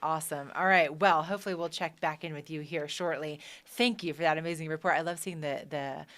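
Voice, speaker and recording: Woman, show host, lower voice, upbeat, laughing, live chat. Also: fairly even intonation, fairly quick, fairly bright tone. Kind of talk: live studio hosting.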